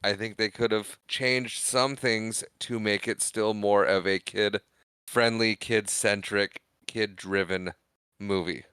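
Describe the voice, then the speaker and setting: A podcast co-host giving his opinions on a film in a measured, somewhat hesitant way. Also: on the low side, steady tone, fairly bright tone, clear, resonant tone, dry recording. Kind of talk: casual film review.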